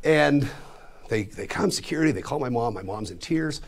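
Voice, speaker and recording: Animated, self-mocking storyteller, a man in his forties. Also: medium pitch, normal speed, vocal fry. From Colorado, USA. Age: 40s. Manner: animated, self-deprecating, with sudden swings in loudness. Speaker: storyteller and magician. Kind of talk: comedic storytelling performance. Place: studio before a live audience.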